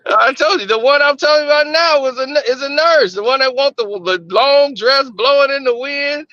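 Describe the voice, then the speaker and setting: A man's voice: very high voice, normal speed, pushed and bright, no room sound, lo-fi sound. A man co-hosting a podcast, telling dating stories in casual chat. He laughs often and acts out quoted dialogue. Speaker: podcast co-host.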